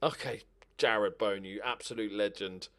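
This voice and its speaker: A man giving casual, excitable commentary over a game, talking to himself and swearing. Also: lowish voice, normal speed.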